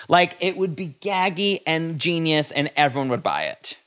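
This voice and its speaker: A man's voice: fairly high pitch, expressive, moderate pace, fairly bright tone. Playful gossipy man. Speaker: podcast co-host. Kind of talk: casual chat.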